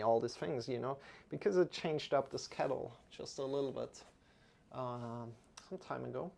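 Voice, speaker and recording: A man guiding a yoga class, giving gentle and unhurried instructions with soft asides. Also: mid-range voice, creaky. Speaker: yoga teacher.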